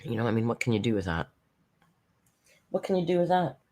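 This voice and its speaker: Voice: mid-range voice, big pitch swings, fairly quick, mellow. A commentary channel host recapping a livestream in a chatty, sarcastic tone, with mocking asides.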